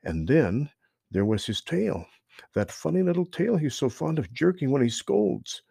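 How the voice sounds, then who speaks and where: Male storyteller for a children's tale, expressive and animated, low and gravelly. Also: measured pace, dry recording, clean studio sound. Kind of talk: reading a children's story aloud.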